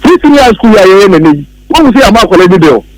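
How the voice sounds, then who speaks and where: A man's voice: sits high, very animated, fast, no echo, low-quality recording. A man with a Ghanaian accent, a political commentator on a radio talk show, arguing emphatically and repeating his points.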